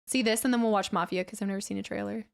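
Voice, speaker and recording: A woman's voice: mid-range voice, steady tone, racing, creaky. A woman game streamer in casual chat with her viewers, chatty and rambling, easily amused.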